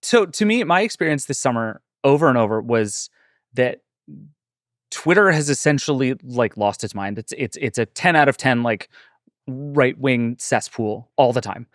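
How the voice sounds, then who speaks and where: A man hosting a tech podcast, chatting casually and telling quick, animated stories. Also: mid-range voice, no echo, clean studio sound. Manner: quick-talking, animated storyteller. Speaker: podcast host. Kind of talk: casual chat.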